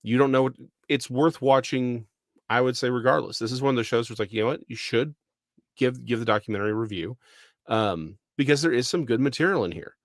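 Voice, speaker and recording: A man's voice: medium pitch, a little fast, no room sound. A man from Texas co-hosts a podcast conversation, working through his view in long, meandering sentences. His voice sits in the middle range, and the sound is dry and close to the mic. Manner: thoughtful, rambling, full of restarts. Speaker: podcast co-host. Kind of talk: casual discussion.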